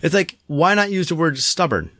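A man's voice: on the high side, very animated, normal speed, pushed and bright, no echo. A man co-hosting a podcast in casual chat, reading a listener's email aloud with jokey asides and many restarts. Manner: rambling, self-interrupting, jokey. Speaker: podcast co-host.

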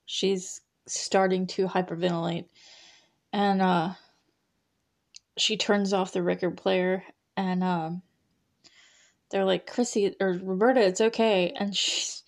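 A woman's voice: medium pitch, little pitch movement, moderate pace. A young woman talks through a show's plot on her podcast in a casual, meandering way. Her voice sits in an ordinary middle register, and she fills the gaps with "um" and "like". She laughs easily as she goes. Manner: chatty, rambling, lots of fillers and laughs. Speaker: podcast host. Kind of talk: casual recap of a show.

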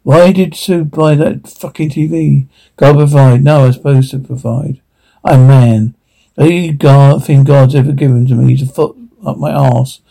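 Brief: a cartoon blue-collar dad, gravelly and mellow, profane ranting with self-pity. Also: male voice, medium pitch, fairly even intonation, normal speed. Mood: bitter. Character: blue-collar father, broke and bitter. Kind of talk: animated comedy voice acting.

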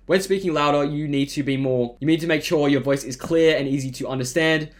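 A man hosting a podcast, giving scripted solo advice in a steady, monotone delivery. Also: fairly high pitch, fairly quick. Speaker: podcast host.

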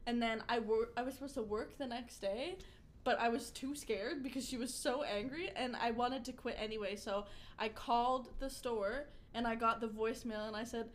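A woman's voice: fairly high pitch, fairly quick. A young woman co-hosting a podcast, telling work stories in casual chat and laughing through the punchlines. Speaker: podcast co-host.

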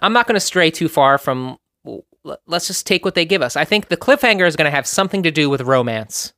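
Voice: mid-range voice, animated, fairly quick, fairly bright tone, no room sound, clean studio sound. A podcast co-host chatting casually in a giggly, playful way. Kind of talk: casual chat.

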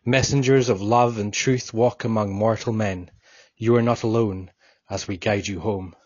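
An audiobook narrator reads scripted first-person narration in a solemn, measured tone with fairly even intonation. His husky voice sits at an average pitch and is a little mellow, and the recording is dull, lo-fi, and dry.

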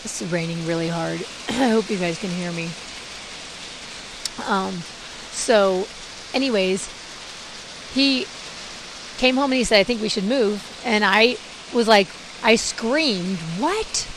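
A woman in her forties telling her life story in a casual podcast monologue, talking in lively bursts and acting out the dialogue she quotes, with many fillers. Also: mid-range voice, slow pace, long pauses. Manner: animated, acts out quoted dialogue, frequent fillers. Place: indoors during heavy rain. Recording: faint hiss and rain noise.

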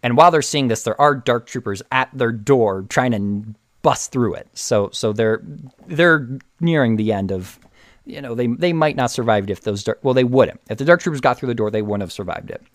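A man casually retelling a TV episode with excitement, often restarting and repeating words. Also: medium pitch, moderate pace, dry recording, clean studio sound. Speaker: show recap host.

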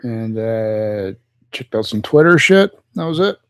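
A man co-hosting a casual podcast, talking in an offhand, deadpan way about his week. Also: on the low side, measured pace, no echo. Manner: laid-back, deadpan, offhand. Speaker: podcast co-host.

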